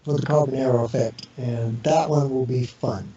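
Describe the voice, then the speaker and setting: A man's voice: mid-range voice, steady tone, normal speed, mellow. A man as an interview guest, telling rambling casual anecdotes full of fillers and restarts, acting out the voices of people in his stories. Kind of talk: casual storytelling. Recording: echoey, distant, muffled internet radio audio with crowd noise.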